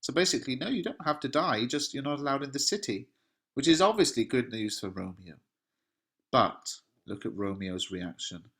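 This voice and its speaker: A male English teacher explains a play line by line. He talks plainly and conversationally in a middle-pitched voice, and scatters fillers through his explanations. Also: lively intonation, moderate pace, fairly bright tone. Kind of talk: explaining a play in a revision lesson.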